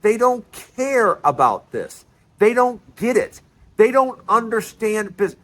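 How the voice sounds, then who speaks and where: Animated man ranting on his vlog. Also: sits high, slow. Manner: animated, repetitive, emphatic restarts. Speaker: vlog host. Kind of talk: political commentary vlog.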